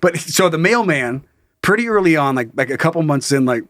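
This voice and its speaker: Podcast dude, kinda high voice that jumps all over, cursing and giggling, dry close mic. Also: male voice, animated, fairly quick, fairly bright tone, no echo. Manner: crude, giggly storyteller, acts out voices. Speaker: podcast co-host. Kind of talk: casual comedic chat.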